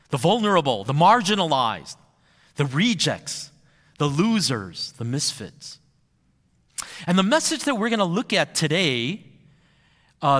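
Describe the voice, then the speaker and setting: A man preaching a sermon in a big reverberant church hall. His voice sits a little high for a man and swings widely in pitch. He slows down and stretches out the words he wants to land. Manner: expressive preaching, stretches key phrases slowly for emphasis. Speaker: pastor.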